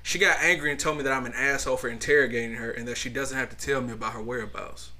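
A man co-hosting a podcast, speaking with a Southern US accent. He reads posts aloud and riffs on them, loose and profane, full of energy. His voice sits at an ordinary pitch. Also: steady tone, rapid-fire, sharp tone. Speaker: podcast co-host. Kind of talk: casual podcast chat.

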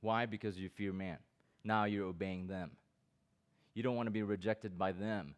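A man's voice: fairly low pitch, fairly even intonation, normal speed. Man preaching at a youth camp. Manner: reads scripture aloud and breaks in with comments; asks the listeners direct questions. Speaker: pastor.

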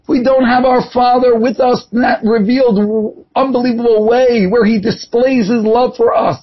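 A man preaches with fervor, spinning a parable for his listeners. His voice sits unusually high and comes out husky. The recording sounds dull and lo-fi. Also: measured pace. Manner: impassioned storytelling. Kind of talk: sermon with parable.

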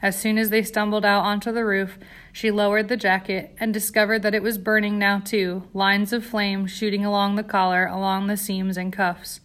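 A woman's voice: mid-range voice, flat delivery, normal speed, a bit bright. Woman reading a dramatic story aloud. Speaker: narrator. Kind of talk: audiobook narration.

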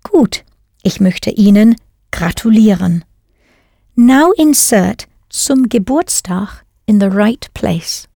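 A woman's voice: mid-range voice, animated, slow, creaky, warm tone, no room sound, studio quality. A woman narrating a scripted audio language lesson, patiently prompting the learner and then confirming each answer. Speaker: language teacher.

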